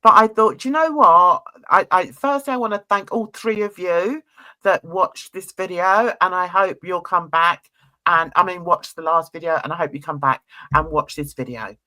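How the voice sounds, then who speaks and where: A woman's voice: lowish voice, normal speed, sharp tone. A woman reviewing a reality TV show in casual commentary. She sounds gossipy and blunt, laughs often, and uses cheeky slang.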